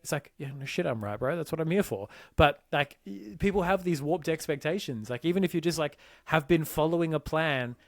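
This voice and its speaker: A man's voice: on the high side, expressive, a little fast, hardly any pauses, dry recording, clean studio sound. A man co-hosting a fitness podcast, telling client stories in heated, swearing casual chat. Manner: fiery, swears, mimics clients in quoted asides. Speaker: podcast co-host, fitness coach.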